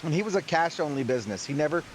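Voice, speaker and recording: A man's voice: on the high side, animated, racing, a little hiss or hum, rough recording. A man chatting casually with friends, telling a story from his past.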